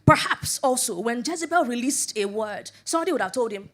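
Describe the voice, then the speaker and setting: A middle-aged woman with a fairly high voice preaches a sermon with lively energy. She acts out scripture quotes and everyday dialogue and repeats her rhetorical questions for emphasis. She laughs easily as she moves between her points. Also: brisk. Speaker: preacher and life coach.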